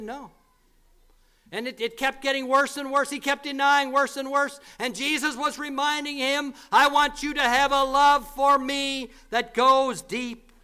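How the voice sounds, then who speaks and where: An earnest male preacher with a very high, bright voice. His tone is smooth and clear, and he repeats his key points with emphasis. He often drops lower and softer as he draws back from the mic. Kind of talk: sermon.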